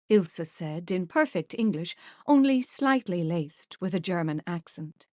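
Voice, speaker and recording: A woman narrating a romance audiobook in measured, even storytelling. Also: lowish voice, dry recording, studio quality. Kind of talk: scripted narration.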